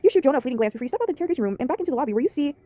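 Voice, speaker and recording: A woman reading an interactive story game aloud, with quick, giggly asides between characters. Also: sits high, expressive, warm tone, no echo.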